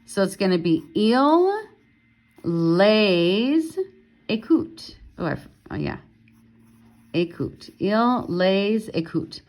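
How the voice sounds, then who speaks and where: A woman teacher talks through a language lesson slowly, in a middle-pitched voice. She explains patiently, with the odd "um" between steps. It sounds like a relaxed recording made at home. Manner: slow, patient explaining with fillers. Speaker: French teacher.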